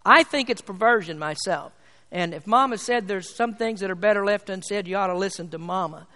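A man preaching a sermon in a church, emphatic, swinging between loud and quiet. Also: high-pitched, brisk. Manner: emphatic, rises and falls in volume. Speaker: pastor. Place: church sanctuary. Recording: long hall reverb.

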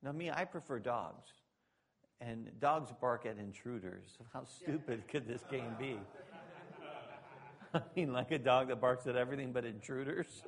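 A male pastor preaching a sermon, moving between loud emphatic preaching and quiet, joking asides to the congregation. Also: medium pitch, a little slow.

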